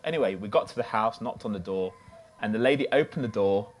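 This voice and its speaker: A man's voice: lowish voice, fast talker. A man preaching a sermon from the United Kingdom, telling a personal story in a loose, conversational way.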